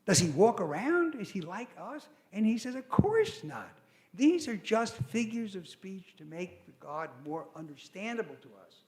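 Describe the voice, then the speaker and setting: Older guy lecturing, high voice that swings all over, acts out quotes. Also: normal speed, hardly any pauses. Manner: animated storytelling with quoted voices and asides. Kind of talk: academic lecture.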